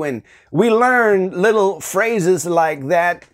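A man with a somewhat high voice talks through a devotional lesson in a relaxed, conversational way. He is animated and slips into acted-out snippets of everyday talk to make his point. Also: slow pace, few pauses. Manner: animated, acts out everyday dialogue with light laughter. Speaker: Bible teacher.

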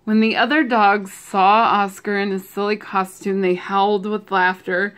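A woman reads a picture book aloud in a gentle, expressive voice, stopping for playful asides. She takes her time, letting each line land slowly for young listeners. Her pitch sits comfortably in the middle. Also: a little hiss or hum. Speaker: storybook reader. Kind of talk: children's book read-aloud.

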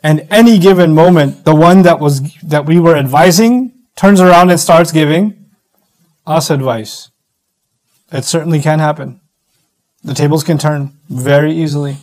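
A middle-aged man giving a sermon-style lecture, animated, acting out quoted voices as he teaches. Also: on the high side, moderate pace, rough recording. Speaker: Islamic speaker.

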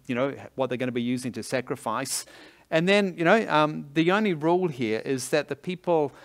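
Fairly high-voiced New pastor preaching. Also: male voice, fairly bright tone. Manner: conversational, laughs easily, leans on sports analogies. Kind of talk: sermon.

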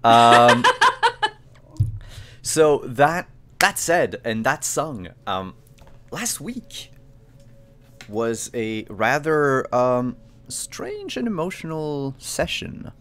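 A man hosting a tabletop game stream over a video call, taking his time with each word. His pitch rises and falls a lot as he talks. He sounds easygoing, filling his pauses with small ums. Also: big pitch swings, fairly bright tone. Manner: easygoing, unhurried with fillers. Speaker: game master.

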